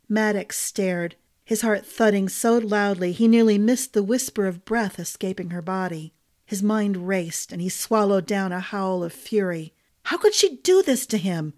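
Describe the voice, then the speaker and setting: A woman narrating a fantasy novel for a storytelling podcast in a measured, dramatic reading style. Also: mid-range voice, darkish tone.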